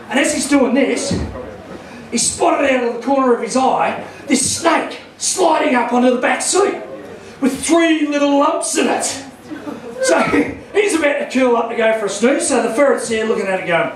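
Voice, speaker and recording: A man with an Australian accent doing stand-up comedy, telling a crude, rowdy story and shouting his punchlines. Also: extremely high pitch, lively intonation, moderate pace. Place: small comedy club stage. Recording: echoey room from far off.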